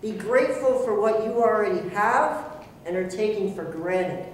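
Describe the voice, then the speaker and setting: A man's voice: high-pitched, moderate pace, a little hiss or hum. A man giving an earnest, self-deprecating motivational speech to a club audience, acting out his own inner voice. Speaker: motivational speaker. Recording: echoey room, voice from far off.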